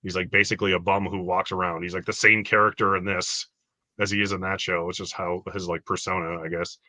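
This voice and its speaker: A lower-pitched man with a bright, forceful voice gives a rambling, filler-heavy movie review over a video call. The sound is dry and close. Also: flat delivery, a little fast, no echo. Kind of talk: casual movie review chat.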